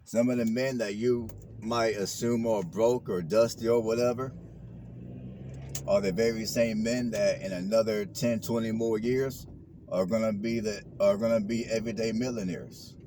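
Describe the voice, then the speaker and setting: A man with a lowish voice lectures in loose street slang, circling back to the same lines again and again. He talks from inside a moving car, and road noise hums clearly under him. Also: fairly even intonation, normal speed. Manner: preachy, repeats phrases, street slang. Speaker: vlogger. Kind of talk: casual talk while driving.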